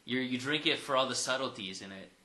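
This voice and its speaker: Male guest, very bright voice with room echo, relaxed and opinionated. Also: medium pitch, quick pace. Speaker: podcast guest, coffee enthusiast. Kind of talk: casual chat. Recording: roomy echo.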